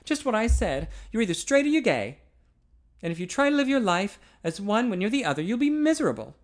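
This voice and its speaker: A man reading a novel aloud, voicing an intense, earnest young man in a higher, louder, pleading voice. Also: big pitch swings, fairly quick. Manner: urgent, pleading, higher and louder than the narration.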